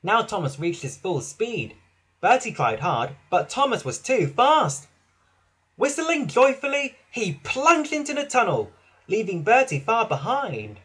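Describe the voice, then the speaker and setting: A man reading a children's storybook aloud in an expressive, sing-song way. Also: sits high, a little slow, slightly rough. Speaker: narrator.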